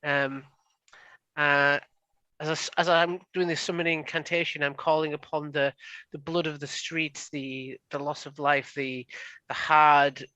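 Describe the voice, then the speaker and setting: A man's voice: fairly high pitch, flat delivery, measured pace, pushed and bright, no echo, dull audio. A man playing in a tabletop game, describing his character's ritual theatrically with stumbling restarts. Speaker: player.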